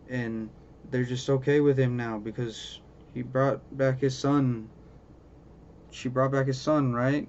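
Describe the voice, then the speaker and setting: A man's voice: medium pitch, a little mellow. A man ranting about a show he dislikes, swearing constantly and asking "okay?" for emphasis. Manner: profane, exasperated ranting. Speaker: vlogger. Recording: dull lo-fi audio with faint ambient noise.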